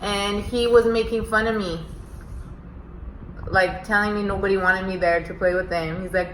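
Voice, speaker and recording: A woman's voice: mid-range voice, fairly even intonation, normal speed. A woman vlogger chatting and telling stories while she eats on camera. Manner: chatty storyteller, talking while eating. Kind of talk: casual mukbang chat. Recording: roomy echo, faint noise.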